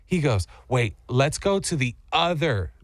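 A man's voice: mid-range voice, measured pace, dry recording, studio quality. A man in his thirties telling a story in casual chat as a show co-host, acting out the voices. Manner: animated, acts out voices in his stories.

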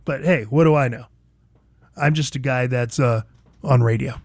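A man's voice: medium pitch, normal speed, no echo. A man hosting a talk radio show, delivering an emphatic, opinionated monologue full of repetition.

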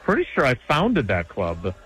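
A man's voice: medium pitch, wildly swooping pitch, normal speed, a bit bright, slightly rough, low-quality recording. A man co-hosting a casual sports talk show, giving chatty, emphatic analysis with frequent restarts.

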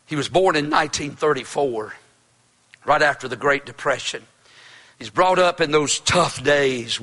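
Fervent preacher shouting high. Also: male voice. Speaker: pastor. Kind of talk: sermon.

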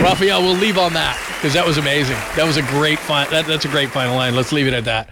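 A man hosting a late-night call-in sports radio show, upbeat and quick, reading out the call-in number. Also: a little high, over a noisy crowd, very noisy. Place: radio studio. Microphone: studio mic.

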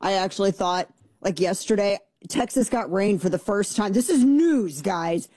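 A woman's voice: medium pitch, fairly even intonation, normal speed, darkish tone, dry recording. A woman hosting a talk radio show, sarcastic and rambling with a self-mocking tone.

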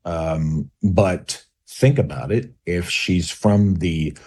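A male guest author talks through ideas on a radio call-in show, stopping and restarting often. His voice is low and warm, with a husky grain. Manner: halting, many restarts and fillers. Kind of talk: talk radio interview.

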